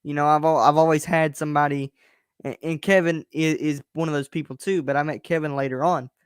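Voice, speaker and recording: A young man hosts his own podcast stream from his bedroom, ranting solo in a candid, rambling, frustrated way. His voice is fairly high, quick and fairly even in intonation, with a clear, resonant tone. The recording is clean and studio-like, with no room sound.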